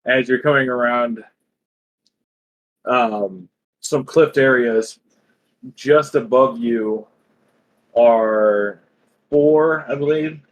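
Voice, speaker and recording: A man's voice: medium pitch, extremely slow, long pauses, highs cut off. A man running a tabletop game as game master, talking loosely and rambling, with casual swearing.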